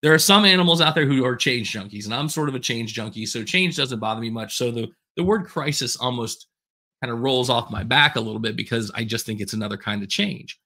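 Expressive and sharp-toned, this medium-pitched man speaks fairly quickly as the lone host of a podcast. His casual, candid talk pokes fun at himself and drifts into tangents.

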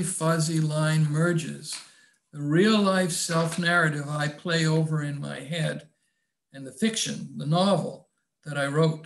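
Slow gravelly older man reading his novel. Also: on the high side. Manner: reflective, measured reading. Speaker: author. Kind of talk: reading aloud from his own novel with commentary.

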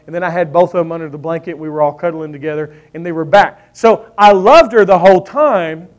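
A pastor preaching a sermon, his voice sitting high for a man. He presses his points by repeating lines and turns to the congregation with questions about what they know. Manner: emphatic, repeats key lines, asks the congregation "how many know". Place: church sanctuary.

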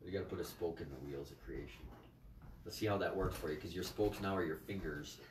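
A man's voice: sits low, fast talker, noisy background. A man leading a spiritual group on a livestream, talking in a profane, scolding way. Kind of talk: livestream talk. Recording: echoey room, mic at a distance.

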